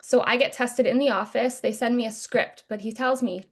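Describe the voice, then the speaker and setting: A woman's voice: fairly high pitch, normal speed, slightly rough. Candid young woman telling a story. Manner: candid, animated retelling with acted-out quotes and casual swearing. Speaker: podcast host. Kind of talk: emotional personal storytelling.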